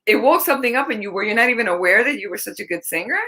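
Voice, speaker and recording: Woman host, middle pitch, encouraging, asks open questions in a casual chat. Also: lively intonation, very fast, pushed and bright.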